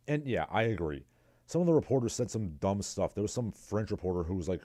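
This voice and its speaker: A man hosts his own livestream, rambling sarcastically by himself and reading viewers' chat messages aloud in casual solo commentary. His lowish voice is dark in tone, animated and quick. The studio recording is clean, with no room sound.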